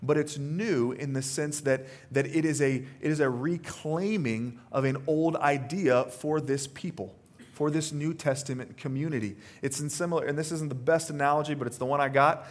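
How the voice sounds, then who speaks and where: A man's voice: fairly high pitch, normal speed. A man, a pastor, preaching a conversational sermon, tagging lines with "right?" and acting out quoted words.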